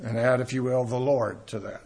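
A man's voice: medium pitch, steady tone, brisk, darkish tone, husky. A man teaching a Bible lesson, thinking aloud and correcting himself as he goes.

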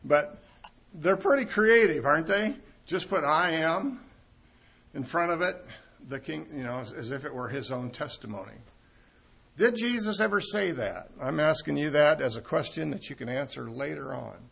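An older man gives a Bible-teaching sermon in a husky, slightly raised voice. He talks casually and thinks aloud, asking his listeners questions as he goes. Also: a little high, lively intonation, moderate pace, fairly bright tone. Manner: conversational, asks the audience questions, frequent fillers. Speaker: preacher.

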